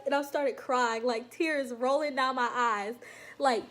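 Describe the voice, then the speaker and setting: Chatty young woman, slightly high voice. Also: normal speed. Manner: animated, chatty, laughs often, addresses viewers as y'all. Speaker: vlogger recounting her enlistment processing. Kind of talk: casual storytelling to camera.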